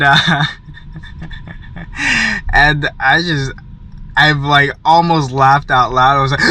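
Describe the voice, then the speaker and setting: A man's voice: mid-range voice, sharp tone, a little hiss or hum. A young man telling a story in a casual, rambling vlog from inside his van, full of "like" and giggles. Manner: rambling, giggly, heavy filler "like". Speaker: vlogger.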